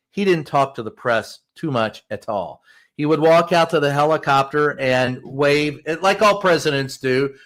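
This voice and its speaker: A White House correspondent guest on a podcast, talking in a blunt, emphatic way and cursing when he wants to drive a point home. His voice sits a little above the usual male pitch. He tells his stories with conviction. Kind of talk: podcast interview, storytelling.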